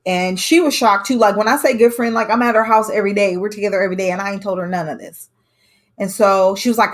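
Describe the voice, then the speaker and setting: A woman in young adulthood speaks straight to the camera, telling her own story in a candid, conversational way. Her voice sits at an ordinary middle pitch. When she repeats other people's words, she acts them out with emphasis. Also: fairly quick.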